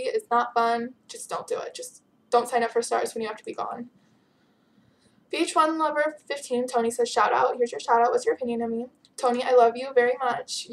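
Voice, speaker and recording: Giggly teen girl with a gravelly edge. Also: fairly high pitch. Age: teens. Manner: chatty, giggly, bubbly. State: tired. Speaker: vlogger answering viewer questions. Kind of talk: casual chat.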